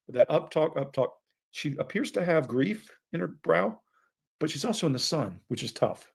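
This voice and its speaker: A man's voice: on the high side, sing-song, moderate pace, creaky, breathy edge. A man with interrogation experience talking through a case on a true crime panel in a casual, analytical way. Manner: analytical, questioning.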